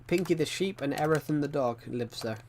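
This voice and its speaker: A man's voice: fairly high pitch, a little fast, darkish tone. A man chatting casually on a livestream, rambling and restarting his sentences as he talks to viewers.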